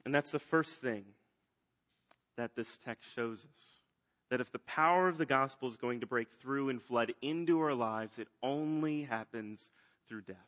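A man preaching a sermon, swinging between loud emphatic lines and hushed ones. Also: medium pitch, normal speed. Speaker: pastor.

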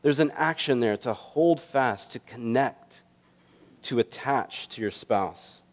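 A man's voice: mid-range voice, takes it slowly. A man preaching a sermon in an earnest, conversational way, mixing teaching with stories. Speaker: pastor.

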